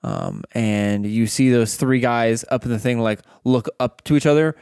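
Game master, man, smooth clear voice, dry close sound, relaxed. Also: mid-range voice, normal speed, no room sound. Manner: casual, laughing easily, hesitant fillers. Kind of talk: narrating a tabletop game.

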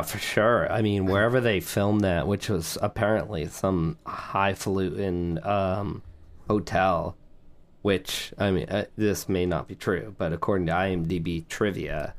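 A man co-hosting a movie podcast, rambling and joking in casual chat. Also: sits low. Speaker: podcast co-host.

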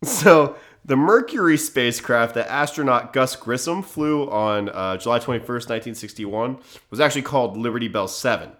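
A man in his thirties co-hosting a podcast, cracking sarcastic jokes and quick quips in casual chat. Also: medium pitch, a bit bright. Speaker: podcast co-host.

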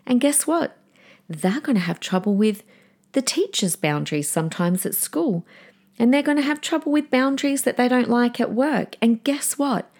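A middle-aged woman, hosting a solo parenting podcast and giving earnest numbered tips, now and then acting out calm, firm lines she says to her children. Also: a little high. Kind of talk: solo podcast advice talk.

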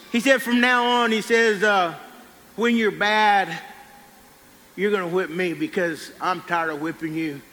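A man preaching a sermon, telling a folksy personal story and dropping low on quiet lines. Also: takes it slowly, long pauses, long reverb tail.

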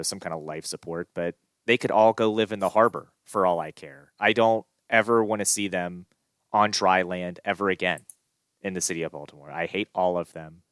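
A man's voice: deep voice, a bit bright, smooth, no room sound, studio quality. A man co-hosting a casual sports podcast, ranting in an exasperated, gloomy way with sighs and restarts. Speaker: podcast co-host.

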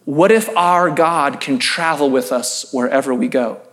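A pastor giving an earnest, emphatic sermon-style talk, reading scripture and building through repeated phrases. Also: male voice, fairly high pitch, measured pace, fairly bright tone.

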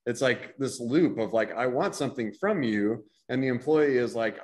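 Man, fairly low voice, animated storyteller, acts out the dialogue, casual chat. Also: a little fast, hardly any pauses. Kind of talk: casual panel discussion.

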